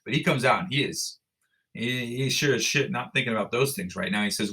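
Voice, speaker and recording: Blunt, animated male storyteller. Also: on the low side, a little fast. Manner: animated storyteller who acts out dialogue, with frequent restarts; blunt, swears casually. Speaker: podcast guest, endurance athlete. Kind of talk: storytelling in an interview.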